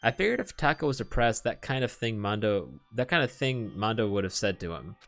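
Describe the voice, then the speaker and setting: A man voicing a polite, timid male computer program that speaks softly and apologetically. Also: on the low side, lively intonation, a little fast, soft background music. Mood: apologetic. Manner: soft-spoken, apologetic.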